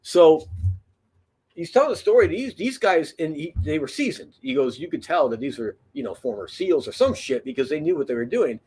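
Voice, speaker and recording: A man's voice: a little high, expressive, a little fast, darkish tone, husky. A man telling a long story in a casual, rambling way, full of fillers, restarts and swearing. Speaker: podcast host.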